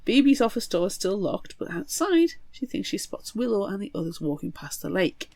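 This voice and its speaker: A woman co-hosting a book podcast, retelling a horror novel in a lively, swearing, dramatic way. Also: medium pitch, brisk, gravelly, dry recording. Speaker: podcast co-host. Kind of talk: casual book recap chat.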